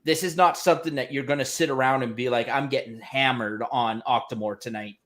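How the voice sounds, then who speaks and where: A man on a casual livestream panel, talking in an easy, mid-pitched voice. He is chatty and jokey, trading quick remarks with the other hosts. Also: steady tone, fairly bright tone.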